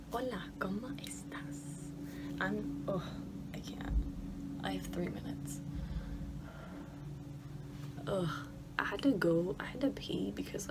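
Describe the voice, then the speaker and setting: A young woman from Michigan, a college student vlogger, chats casually in her bedroom in a gravelly, mid-range voice. She sounds anxious and often drops to a whisper. Steady background noise runs throughout, with a lawnmower going outside.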